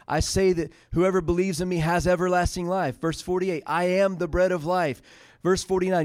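A man's voice: a little high, darkish tone, no room sound. A man preaching a sermon, retelling scripture in casual paraphrase and building to emphatic peaks.

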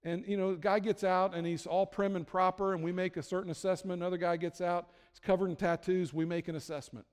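Casting: man, pastor, slightly high voice, chatty self-deprecating sermon, reverberant church hall. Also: flat delivery, fast talker, few pauses, clean tone. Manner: conversational, self-deprecating humor, frequent restarts.

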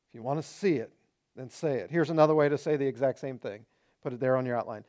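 A man's voice: mid-range voice, quick pace, a little mellow. A male pastor preaching a sermon, earnest and exhorting, hammering home short repeated phrases.

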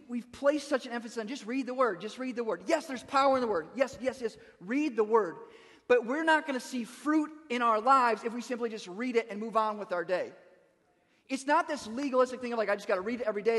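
A man's voice: very high-pitched, a bit bright, long reverb tail. A man preaching a sermon as pastor, speaking in a conversational way with frequent restarts and asides.

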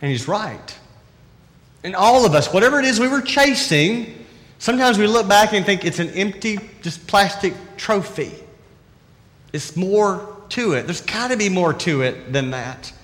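A man with a high voice preaches a sermon, talking to the congregation as if in conversation and pressing his points with repeated questions. The long reverb of a church hall hangs on every phrase. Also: lively intonation, unhurried, a bit bright. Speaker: pastor.

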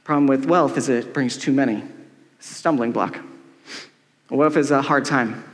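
A man's voice: mid-range voice, normal speed. A middle-aged man preaching a sermon as pastor, casual and joking, with many "like"s. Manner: casual, joking, heavy use of "like". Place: church hall with long reverb. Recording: echoey church hall with long reverb.

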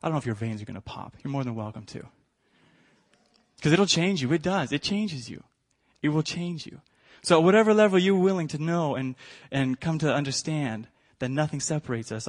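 A middle-aged male pastor preaching a sermon, swinging from quiet reflection to shouted emphasis. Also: mid-range voice.

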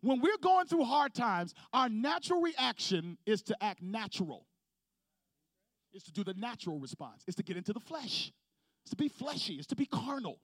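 A man's voice: extremely high pitch, sing-song, moderate pace, no echo, studio quality. A male pastor preaching a sermon to his congregation, calling for responses and building intensity. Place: church sanctuary with congregation.

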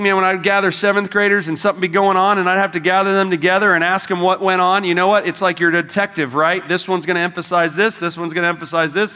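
Bright-voiced man preaching a sermon. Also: sits high, clean tone. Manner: conversational, emphatic, speaks straight to the congregation. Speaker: pastor. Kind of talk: Easter sermon. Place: church service.

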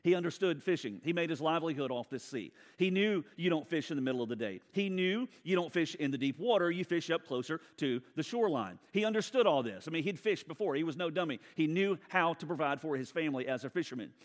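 A man preaching a sermon as pastor, shifting from animated storytelling to quiet, earnest appeals. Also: on the high side, quick pace, hardly any pauses. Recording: reverberant hall.

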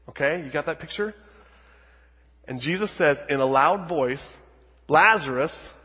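A man preaching a sermon as a pastor, telling the story dramatically with lots of repetition and moving between hushed and loud delivery. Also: a little high. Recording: dull audio with long hall reverb.

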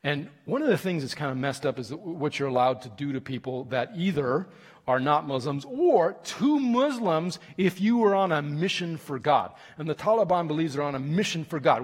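A man preaching a sermon with stories, animated and emphatic, with fillers and restarts. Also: fairly high pitch. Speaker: visiting preacher from a mission group. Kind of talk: sermon with storytelling. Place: church sanctuary. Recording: long reverb of a large room.

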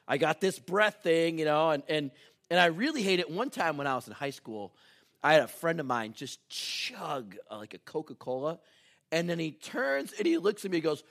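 A man preaching a sermon with a gravelly, bright voice pitched a little high. He tells his stories animatedly and breaks into shouts, then softens to a hush when he prays. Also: sing-song, normal speed. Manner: drops low and quiet for prayer. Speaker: pastor. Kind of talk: sermon with personal anecdotes.

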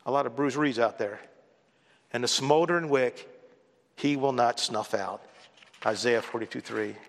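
A male pastor with a mid-range voice preaches at a moderate pace in a conversational, storytelling style, occasionally imitating others in a raised voice. The recording carries long hall reverb.

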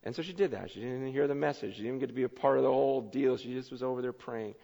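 A man preaching a sermon, telling stories in an excitable way with many fillers and restarts. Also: medium pitch, quick pace, vocal fry. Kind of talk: sermon storytelling. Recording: echoey hall, dull lo-fi sound.

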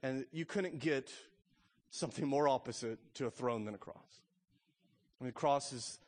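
A pastor preaching a sermon, emphatic, swelling loud and then dropping to a hush. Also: male voice, medium pitch, moderate pace. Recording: long reverb of a church hall.

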